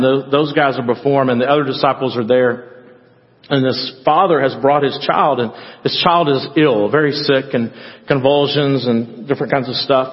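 A man preaching a sermon as a pastor, conversational at first and then building to loud, passionate emphasis. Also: medium pitch. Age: adult parent. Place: church sanctuary. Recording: dull sound with long hall reverb.

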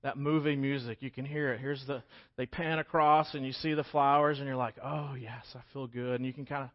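A man, preaching a sermon and acting out scripture in lively voices. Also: mid-range voice, brisk. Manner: animated, acts out scripture voices. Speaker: pastor. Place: church sanctuary. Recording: dull lo-fi church recording.

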